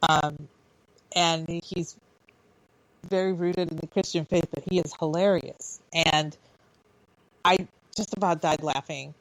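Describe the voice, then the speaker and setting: Woman radio co-host, low voice, dry close sound, chatty and halting. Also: no echo, poor audio. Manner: chatty, halting restarts, laughs easily. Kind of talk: casual chat.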